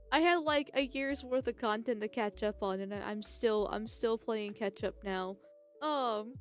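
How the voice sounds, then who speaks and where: A woman's voice: fairly high pitch, clear, resonant tone. Rambling woman streamer. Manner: rambling, frequent restarts and laughs, reads chat aloud. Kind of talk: casual live-stream chat. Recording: faint background music.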